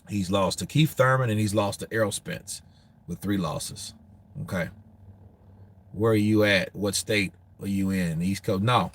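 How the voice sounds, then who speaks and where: Husky, profane boxing show host. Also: male voice, medium pitch, no room sound. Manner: profane, animated, laughing often. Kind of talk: casual live commentary answering viewers.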